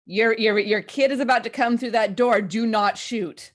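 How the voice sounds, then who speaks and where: A woman playing a tabletop horror game, speaking in a tense, steady, deliberate way. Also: on the high side. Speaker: player.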